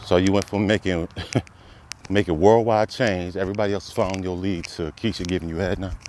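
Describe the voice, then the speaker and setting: A deep, darkish voice with fairly even intonation carries this commentator's impassioned monologue at normal speed, with slight background noise. He preaches, repeating rhetorical questions that climb toward emphatic peaks.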